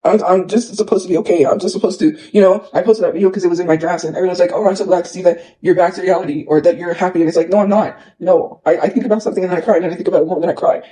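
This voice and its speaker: A man's voice: high voice, fairly even intonation, racing, few pauses, dark tone, rough recording. A man ranting on a livestream, upset and rambling, repeating himself and filling gaps with "like" and "you know.". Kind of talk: emotional livestream rant.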